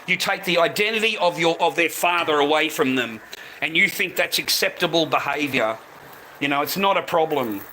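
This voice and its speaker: A man's voice: on the high side, lively intonation, moderate pace, sharp tone, slight background noise, rough recording. A middle-aged man ranting angrily on a live stream, swearing and saying "mate" at the end of nearly every line. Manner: swearing, repeats "mate" constantly. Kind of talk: angry live-stream rant.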